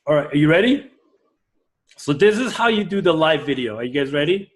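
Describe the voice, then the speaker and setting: A man with a fairly high voice leads a live class. He talks energetically, keeps asking the room whether they follow, and gets louder and higher whenever he is excited. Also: fairly quick. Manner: energetic, swings loud and high when excited; asks the room for agreement. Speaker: class instructor.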